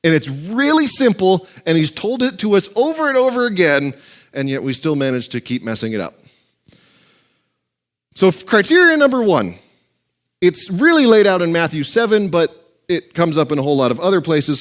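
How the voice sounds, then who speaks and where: A man's voice: high voice, very animated, moderate pace. A male pastor preaching a sermon in a joking, conversational way.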